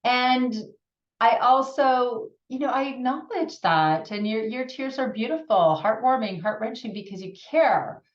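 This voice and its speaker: A Canadian woman hosting a podcast, talking in a gentle, earnest way with frequent restarts and soft laughs. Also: a little high, expressive, a little slow. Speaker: podcast host. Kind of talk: reflective solo talk. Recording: roomy, distant, dull lo-fi sound.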